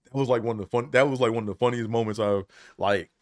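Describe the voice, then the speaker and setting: A man's voice: mid-range voice, fairly even intonation, fast. A man telling funny stories from his life in a loose, casual way, often breaking into laughter and tagging lines with "man". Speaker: podcast host. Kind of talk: casual storytelling.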